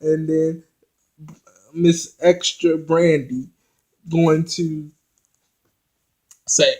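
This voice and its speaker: A man with a fairly high voice talks his viewers through a reality show episode. He speaks slowly and loosely, addressing the audience directly and stumbling over restarts when a scene gets him going. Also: fairly even intonation, a little mellow, poor audio. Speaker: reality TV recap vlogger. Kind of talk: casual episode recap.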